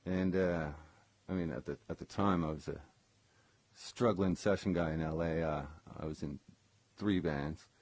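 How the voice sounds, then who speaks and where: Deep-voiced man rambling through a story. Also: steady tone, unhurried, a little mellow, no echo. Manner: rambling, full of ums and self-corrections. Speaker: former session guitarist telling a personal story. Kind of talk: casual live-streamed storytelling.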